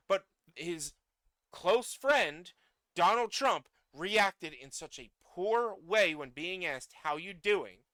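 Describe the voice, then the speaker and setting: A fired-up man with a bright, crisp voice that sits a little high for a man. He goes on an angry, profane rant, dropping quiet and then climbing to loud outbursts. The sound is dry and close to the mic. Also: lively intonation, measured pace, dry recording. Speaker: streamer. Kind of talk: political rant.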